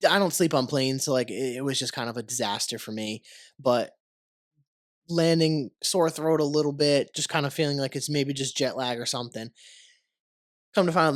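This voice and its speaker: A man's voice: fairly high pitch, no room sound, clean studio sound. A man from the United States hosting his podcast in casual, rambling talk, congested from a cold. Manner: rambling, relaxed, swears casually. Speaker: podcast host.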